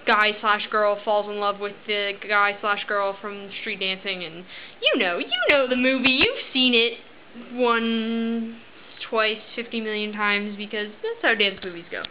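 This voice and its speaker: A woman's voice: medium pitch, steady tone, normal speed, slight background noise. A young woman vlogging in casual chat, rambling and voicing the people in her stories. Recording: slightly dull lo-fi recording.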